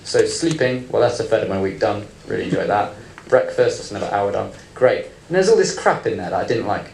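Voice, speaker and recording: A man's voice: lowish voice, animated, brisk, creaky, a little mellow, a little hiss or hum. A man in his thirties giving a live panel talk, blunt and playful, swearing freely. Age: 30s. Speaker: panel speaker. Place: event room with audience. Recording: echoey room, faint ambience.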